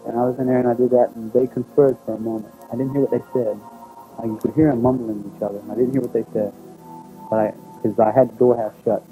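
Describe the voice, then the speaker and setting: A man's voice: mid-range voice, fairly even intonation, a little fast, mellow, faint music behind, poor audio. A man tells his own experience in a plain, folksy way, acting out what others said. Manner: plain storytelling, folksy, acts out quoted speech. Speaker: witness recounting an experience. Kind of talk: spoken first-person account.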